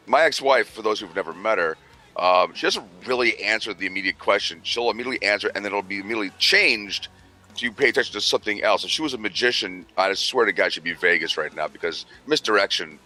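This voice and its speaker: A man's voice: sits low, fast, bright, forceful tone, faint music behind. A man telling a long rambling, profane story with laughter in a casual podcast chat. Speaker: podcast co-host.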